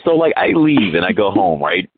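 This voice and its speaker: A man's voice: low voice, moderate pace, slightly rough, no room sound. A man hosting a podcast, telling a story casually with lots of "like" and acted-out quotes. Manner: animated, lots of "like", acts out quotes. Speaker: podcast host. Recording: phone-like line with faint music.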